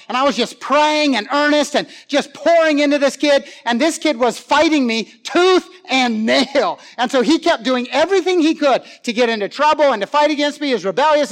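A man with a high voice preaches a sermon and tells a story with real animation. He swings between loud, excited passages and quiet, pleading ones. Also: moderate pace, few pauses.

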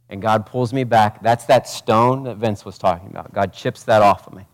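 A man, a pastor, preaching a passionate sermon, swinging from loud urgent peaks to quiet intimate asides and asking the congregation direct questions. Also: lowish voice, a little fast. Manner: preaches with rhetorical questions and acted quotes.

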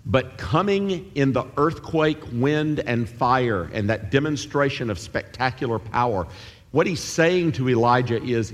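A man preaching a sermon, animated and acting out the voices of biblical figures. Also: mid-range voice. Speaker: pastor. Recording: long hall reverb.

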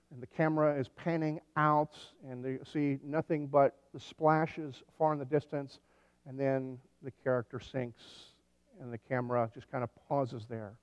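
A man preaches a sermon in a relaxed, conversational way, slipping in dry jokes and telling stories with animation. His voice sits a little high for a man. The sound is dull and lo-fi, with a long reverb from a large hall. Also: clean tone. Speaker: pastor.

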